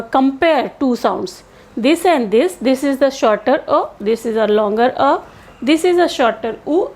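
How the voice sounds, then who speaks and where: Slow, high-voiced woman teaching vowels. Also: darkish tone. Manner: slow, careful explanation with sounds spoken out. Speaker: English teacher. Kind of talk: pronunciation lesson.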